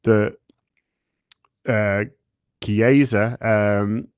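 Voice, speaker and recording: Thoughtful, low-voiced male football pundit. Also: steady tone, extremely slow, smooth. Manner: thoughtful, hesitant, many restarts. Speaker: podcast guest, football pundit. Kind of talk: casual interview answer.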